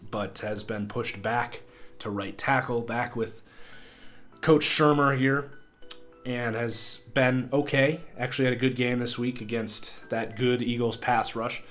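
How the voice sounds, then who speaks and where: A man hosting a casual football analysis video, talking loosely with a stuffed-up, nasal voice. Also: medium pitch. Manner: loose, conversational, with fillers. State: nasal from a cold. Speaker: sports video host. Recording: faint guitar music behind.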